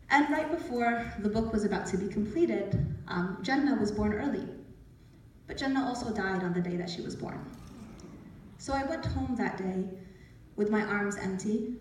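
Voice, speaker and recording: Female author, 40s, animated storyteller, slightly high voice, echoey hall. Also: a little hiss or hum. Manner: lively, acts out quoted voices, laughs often. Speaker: author giving a talk. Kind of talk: storytelling talk. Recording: echoey hall, speaker from far off.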